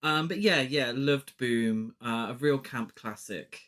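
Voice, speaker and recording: A man's voice: mid-range voice, takes it slowly, a bit bright. Man cohost on a film podcast, laughs a lot, rambly casual chat, normal middle voice. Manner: laughs easily, rambling and chatty. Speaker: podcast co-host.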